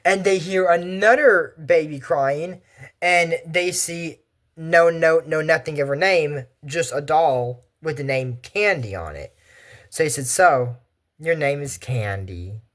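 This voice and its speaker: Brief: young man, casual anime recap host, a bit high-voiced, drifts into side stories. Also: unhurried. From Texas. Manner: chatty, digressive, animated asides. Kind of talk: casual rambling commentary.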